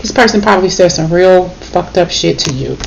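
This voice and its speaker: A woman's voice: fairly low pitch, lively intonation, normal speed, gravelly, lo-fi sound, slight background noise. A woman giving a casual spoken tarot reading, emotional and blunt, swearing and checking in with "okay?". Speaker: tarot reader.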